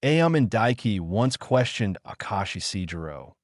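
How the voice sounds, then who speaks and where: A male audiobook narrator reads a web novel in a low voice whose pitch rises and falls a lot. The sound is dry and close, with no room around it. He keeps one voice for narration and dialogue and pauses unevenly. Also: very animated, no echo. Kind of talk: flat read-aloud novel narration.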